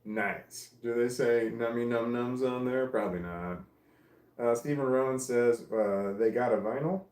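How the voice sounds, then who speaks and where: A man's voice: mid-range voice, a little slow, a little mellow, roomy sound. A man casually reading live stream comments aloud and musing on each one. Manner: reads comments aloud and muses on them.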